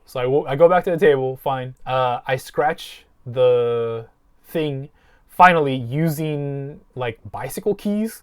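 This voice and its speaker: A man hosting a podcast, telling a long story in casual, profane chat. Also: mid-range voice. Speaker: podcast host.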